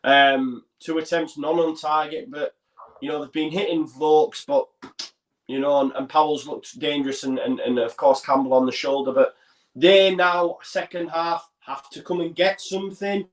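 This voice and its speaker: A man's voice: a little high, fairly even intonation, moderate pace. Chatty man, roomy sound. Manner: chatty, describes the play as it happens. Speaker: co-host of a fan watchalong stream. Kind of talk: casual live match chat with commentary. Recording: roomy echo.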